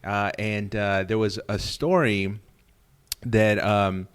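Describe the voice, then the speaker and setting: A man hosting a podcast interview, asking questions in a halting way with many fillers. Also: lowish voice, steady tone, clean tone. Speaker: podcast host. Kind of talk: casual interview.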